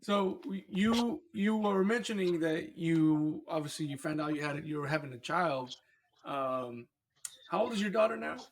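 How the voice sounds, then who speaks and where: A man hosting a podcast, framing his interview questions in a measured way with a few restarts. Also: a little high. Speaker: podcast host.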